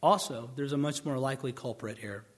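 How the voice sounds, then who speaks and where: Speaking at a fairly quick clip in a mid-range voice, a man delivers a conversational sermon. Sardonic, dry remarks pepper his talk, and he mimics questioners in a mocking tone.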